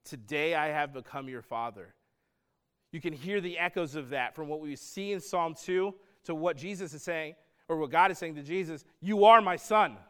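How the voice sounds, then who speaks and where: A man's voice: fairly high pitch, moderate pace, smooth. A man preaching a sermon, earnest and conversational, building to emphatic points. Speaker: pastor.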